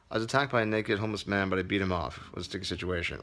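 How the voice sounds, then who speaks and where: A man's voice: sits low, very fast. A man who teaches comedy, hosting a casual livestream Q&A, reading viewer comments aloud in a loose, profane way.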